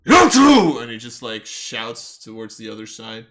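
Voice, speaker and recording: A man narrating a tabletop game as game master, in loose, relaxed talk with fillers. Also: lowish voice, normal speed.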